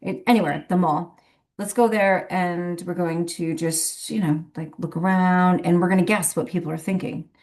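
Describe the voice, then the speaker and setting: A woman's voice: fairly low pitch, fairly even intonation, normal speed, a little mellow. A woman who works as a medium, telling a rambling story in a casual, chatty way and laughing often between phrases. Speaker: professional medium.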